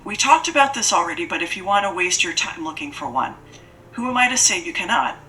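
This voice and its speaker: A woman narrator voicing a cold, imperious lady who means to fatten up a child, speaking in a formal, unhurried way. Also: fairly low pitch, very animated, pushed and bright. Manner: formal, stiff, unhurried speech. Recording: distant mic with faint hiss.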